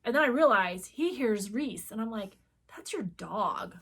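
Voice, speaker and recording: A woman's voice: a little high, unhurried, breathy edge. Chatty middle-aged woman telling stories. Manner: lively storyteller, acts out quoted dialogue. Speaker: co-host of a cross-stitch video channel. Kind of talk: casual chat.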